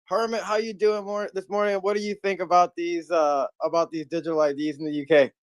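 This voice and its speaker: A man's voice: high-pitched, flat delivery. A man hosting a casual livestream chat, teasing his guests and passing the mic around. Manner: teasing, quick-talking. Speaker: host.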